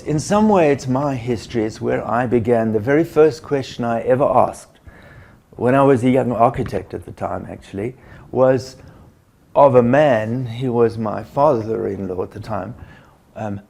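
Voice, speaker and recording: A man's voice: mid-range voice, normal speed, creaky, dark tone, slight background noise. An older man, a business educator, recounting in an anecdotal way how his work began, with restarts and acted-out dialogue. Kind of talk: reflective storytelling.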